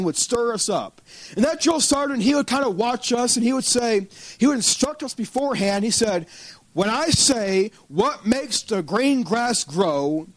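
A preacher telling a story in a sermon, animated and chuckling through his anecdotes. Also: very high voice, no echo, poor audio.

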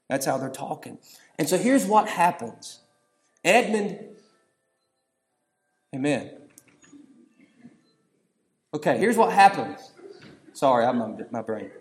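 A man, preaching a storytelling sermon that swings between hushed passages and shouting. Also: mid-range voice, animated, unhurried, pauses often.

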